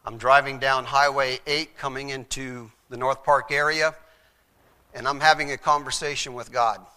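Man, middle-aged, former chaplain, faith testimony, earnest storyteller, bright tone, medium pitch. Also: steady tone, moderate pace. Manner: earnest storytelling, acts out the voices in his story. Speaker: former jail chaplain sharing his testimony.

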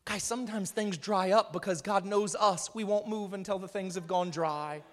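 Male preacher, emphatic sermon delivery with shouted peaks; high, bright voice in a reverberant hall. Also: normal speed.

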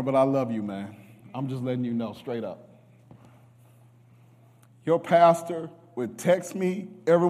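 A man preaching a sermon, emotional, moving from hushed tones to shouts. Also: fairly high pitch. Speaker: guest preacher. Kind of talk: sermon with testimony. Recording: reverberant church hall.

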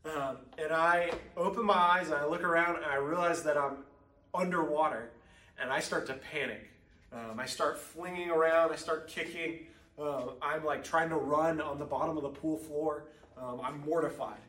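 A young man gives a sermon, telling a childhood story in a loose, chatty way full of ums. His voice sits a bit high, and the room is echoey, with the mic well away from him. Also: normal speed, pushed and bright, recorded from a distance. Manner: casual storytelling with frequent ums. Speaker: preacher.

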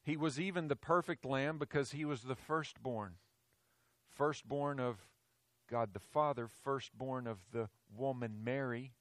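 A man preaching a sermon in an emphatic way, swinging from loud declarations to hushed, low phrases. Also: unhurried, no room sound.

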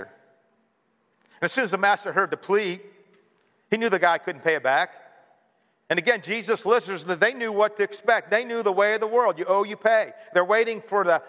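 A man's voice: sits high, a bit bright. A man preaching a sermon as pastor, earnest, with many rhetorical questions. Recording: long hall reverb.

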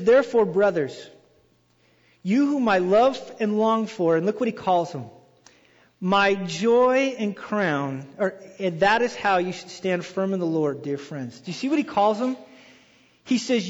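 A man preaching a sermon as pastor, telling stories in an animated way and acting out quoted voices. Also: high-pitched, measured pace. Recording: dull reverberant hall sound.

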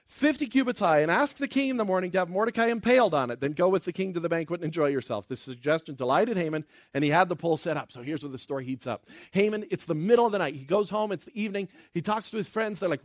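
A man preaches with a bright, high-pitched voice that swoops up and down as he retells a scripture story. He drops in playful character bits and jokes along the way. The sound is dry, with no room echo. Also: animated. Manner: playful, acts out the characters in quick asides. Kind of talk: animated sermon retelling a Bible story.

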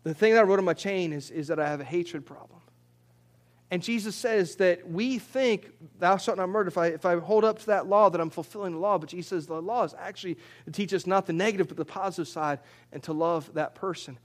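A man with a high voice preaches to his congregation. He talks in a loose, conversational way, often repeating words before he finds them, and climbs higher when he drives a point home. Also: fairly quick. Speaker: pastor. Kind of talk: sermon.

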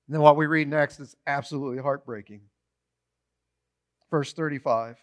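A man preaching a sermon, retelling a story with animated storytelling and short acted-out quotes. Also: on the high side, normal speed.

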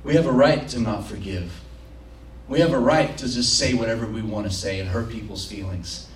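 A man's voice: on the low side, moderate pace, a little hiss or hum. Guy pastor preaching hard, acts out little prayers, echoey room, mic kinda far. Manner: impassioned preaching, acting out prayers and quotes. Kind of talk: sermon. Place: church. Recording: roomy, from a distance.

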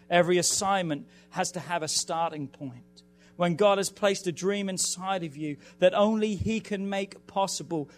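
A man preaches in a church sanctuary, his fairly high voice swelling into emphatic, impassioned peaks. Soft music sits faintly beneath his words. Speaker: pastor. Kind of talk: sermon.

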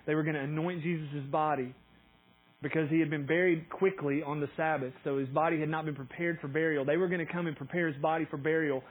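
A middle-aged man delivers a sermon in a husky voice pitched a bit above the usual for a man. He tells the story vividly and voices its dialogue with animated emphasis. A faint electric buzz hums under the recording. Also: low-quality recording. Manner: animated storytelling, acting out quoted dialogue with rising intensity. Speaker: pastor.

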